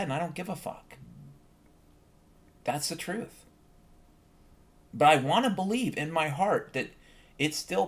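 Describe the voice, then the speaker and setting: A man hosting a solo podcast, ranting bluntly and swearing often in a heated monologue. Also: mid-range voice. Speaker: podcast host.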